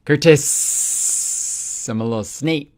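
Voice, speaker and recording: A man's voice: medium pitch, animated, moderate pace, faint music behind. A man giving casual, joking commentary while playing a story game, laughing and swearing often. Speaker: gaming commentator.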